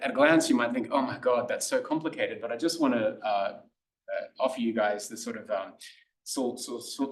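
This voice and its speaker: Young male presenter, casual lecturing, lots of ums and restarts, mid-pitched voice, echoey classroom. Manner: conversational, with frequent fillers and restarts. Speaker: workshop presenter. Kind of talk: informal lecture. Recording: roomy classroom echo.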